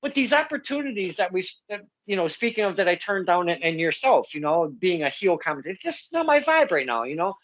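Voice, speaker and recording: A man's voice: high voice, sing-song, fast, hardly any pauses, a bit bright. A man hosting a casual interview, rambling and stammering as he tells stories and laughs along. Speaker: podcast host and local wrestling ring announcer. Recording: slightly dull lo-fi sound.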